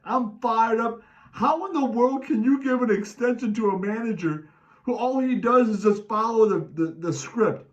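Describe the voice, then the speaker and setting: Man, middle-aged, fan-rant host: very high voice, animated, third person, distant dull recording. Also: moderate pace. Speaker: podcast host ranting as a sports fan. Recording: distant mic, dull lo-fi sound.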